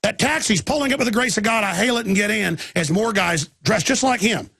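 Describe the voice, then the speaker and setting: A man holds forth on his talk radio show in an intense, rambling monologue, restarting sentences and rising into sudden outbursts. His voice sits high for a man, with a husky, gravelly rasp. The sound is close and dry. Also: fairly quick, pushed and bright, no room sound.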